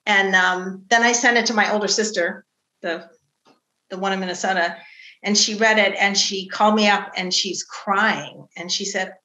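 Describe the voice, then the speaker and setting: A middle-aged woman novelist talking casually about writing her book, telling stories about her family with animated quoted voices. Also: mid-range voice, normal speed, roomy sound, low-quality recording. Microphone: video call.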